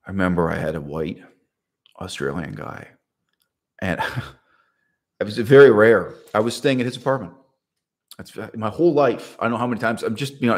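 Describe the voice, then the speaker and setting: A man's voice: fairly low pitch, fairly bright tone, husky. A man talking to camera in a casual, unscripted monologue, rambling with restarts and asides. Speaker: video essayist.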